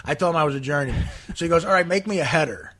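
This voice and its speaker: A man's voice: on the high side, very fast. A man, a comedian, telling stories in casual chat and doing the voices of people in them. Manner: animated, does voices of people in his stories.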